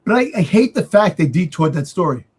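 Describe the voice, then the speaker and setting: A man co-hosting a casual wrestling podcast, talking haltingly with many fillers and quick to agree. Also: high voice, sing-song, a little mellow, slightly rough. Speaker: podcast co-host.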